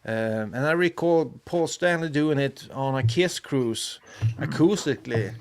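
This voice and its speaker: A man's voice: mid-range voice, measured pace. Enthusiastic male podcast panelist. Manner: enthusiastic, rambling, filler-heavy. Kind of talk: casual podcast chat.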